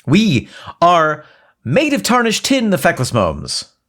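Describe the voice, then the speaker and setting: A man's voice: sits high, wildly swooping pitch, slow pace, a bit bright. A man co-hosting a podcast in a casual, playful, jokey style. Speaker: podcast co-host.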